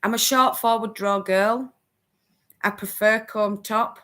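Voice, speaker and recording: A woman's voice: mid-range voice, steady tone, takes it slowly, fairly bright tone. A woman hosting a casual crafting live stream, chatting with viewers and laughing often.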